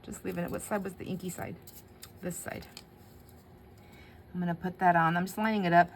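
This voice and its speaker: A woman with a low-pitched voice hosts a relaxed crafting session, talking warmly to her audience. She laughs easily and mutters little asides to herself as she works. A faint background hiss sits under the recording. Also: moderate pace. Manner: chatty, laughs often, talks to herself while working. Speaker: craft channel host. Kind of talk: casual crafting chat to viewers.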